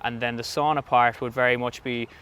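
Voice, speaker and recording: A man's voice: medium pitch, flat delivery, brisk, pushed and bright, smooth. A man with an Irish accent, a sauna business owner and guest, chatting enthusiastically with frequent fillers outdoors at a rugby club. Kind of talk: casual interview chat.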